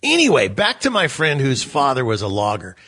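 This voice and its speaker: A man chatting casually as a co-host, telling animated stories and acting out the people in them. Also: medium pitch, a little fast, husky. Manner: animated, acts out voices in his stories. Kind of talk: casual storytelling chat.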